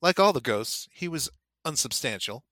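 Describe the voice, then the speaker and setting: A man co-hosting a podcast, reading a passage aloud and discussing it in an animated way. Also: mid-range voice, normal speed, dry recording, studio quality. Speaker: podcast co-host.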